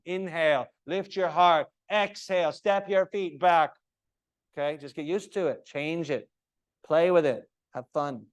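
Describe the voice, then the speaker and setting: A man teaching a yoga teacher training, lecturing with lively, varied delivery and cueing poses in a sing-song way. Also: a little high, clean tone. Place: yoga studio.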